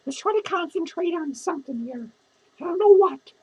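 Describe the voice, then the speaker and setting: A woman's voice: very high-pitched, animated, moderate pace, low-quality recording. A woman playing a drunk, lonely, foul-mouthed female clown who rambles and swears in a rambling character vlog. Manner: rambling, profane, giggly.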